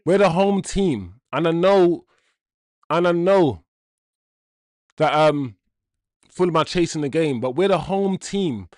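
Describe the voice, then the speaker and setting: A young man streaming a live football watchalong, talking to viewers in slang and swinging between mutters and loud outbursts. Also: fairly high pitch, lively intonation, slow, pauses often, dry recording, clean studio sound. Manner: loud swings from groans to shouts, slang-heavy.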